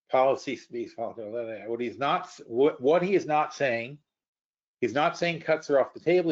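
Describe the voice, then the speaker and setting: A man hosting a live webinar talks through the news in a loose, thinking-aloud way, blunt and now and then profane. His voice sits at an ordinary middle pitch. The audio is dull and lo-fi, like a muffled webinar feed. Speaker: webinar host. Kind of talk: casual live market commentary.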